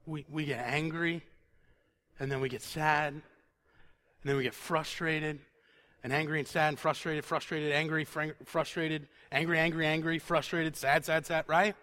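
A man preaching a conversational sermon who repeats words for emphasis and sinks to a quiet, intense tone on solemn points. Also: fairly high pitch, little pitch movement, moderate pace.

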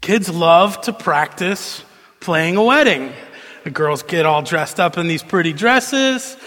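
A male pastor preaching a sermon in a conversational, animated storytelling manner, in a church hall. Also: high voice, slow pace. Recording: long reverb of a large hall.

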